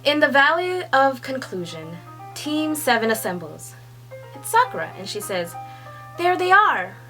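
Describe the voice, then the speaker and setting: A young woman reading a comic aloud and reacting as she goes, excitable and laughing, sometimes hushed and sometimes squealing. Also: on the high side, moderate pace, soft background music, rough recording. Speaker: manga reaction reader. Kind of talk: casual read-along reaction.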